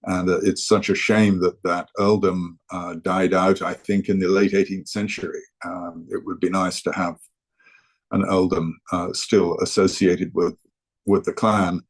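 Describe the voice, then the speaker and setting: A man's voice: deep voice, flat delivery, a little slow. An older man giving an informal talk to a society, hesitant, with many fillers and restarts. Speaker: guest speaker.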